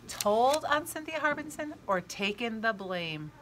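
A woman reading a children's chapter book aloud, expressive, gasping and adding asides to young listeners. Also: a little high, a little slow, few pauses, slight background noise.

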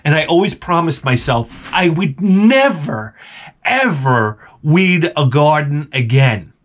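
A man with a young son, telling a rambling, animated story as a toy collecting vlogger. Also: on the high side, takes it slowly. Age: adult with a young son. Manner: rambling, animated, acts out quoted voices. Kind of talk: casual storytelling monologue.

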